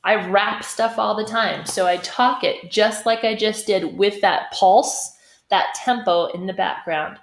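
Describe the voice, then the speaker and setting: A woman teaching singing in a slow, deliberate way, often pausing to ask "okay?" and sometimes singing short phrases as examples. Her voice carries a noticeable room echo. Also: mid-range voice, fairly even intonation, gravelly, slight background noise. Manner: demonstrates sung phrases, checks in with "okay?". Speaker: choir teacher. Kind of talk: singing lesson. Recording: echoey room.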